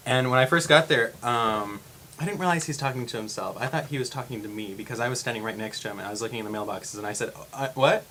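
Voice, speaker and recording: Filming a casual vlog in his room with the camera facing him, a young man rambles in a sharp, mid-range voice and talks fast. He laughs often and acts out what people said, and a slight hiss or hum sits under the recording.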